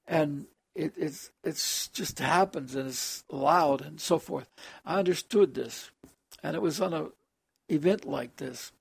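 Man, preacher, host, raspy, husky tone, dry sound, earnest scripture teaching. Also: a little high, darkish tone, no room sound. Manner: earnest, explains scripture line by line. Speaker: preacher hosting a call-in program.

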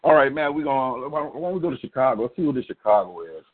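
Over phone-line call-in audio, a middle-aged male co-host of a poetry show talks fast in an animated, mid-range voice. The casual radio chat stays relaxed, supportive, and full of slang.

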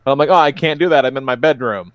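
A man's voice: medium pitch, racing, dry recording. A man hosting a podcast, chatting casually in a rambling way and swearing freely. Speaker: podcast host. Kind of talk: casual chat.

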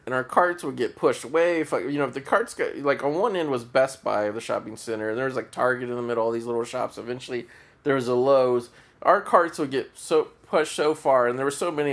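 A man's voice: mid-range voice, a little fast, a bit bright. A man hosting a solo podcast, telling a story in a rambling, profane way with many restarts. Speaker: podcast host.

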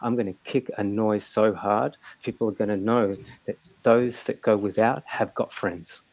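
A man's voice: on the low side, fairly even intonation, moderate pace, vocal fry, a little mellow, no echo, low-quality recording. A man from Australia with an Australian accent, calling in to a chat show and talking in a joking, heartfelt way. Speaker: caller. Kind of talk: casual call-in chat.

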